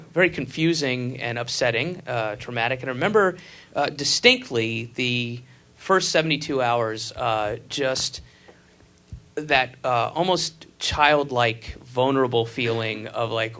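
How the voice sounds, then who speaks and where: A man's voice: medium pitch, pushed and bright. A man doing a stand-up set, ranting profanely and sarcastically with mocking whispered asides. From United States. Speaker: stand-up comedian. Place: comedy club stage with laughing audience. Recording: live club recording, audience murmur and faint noise.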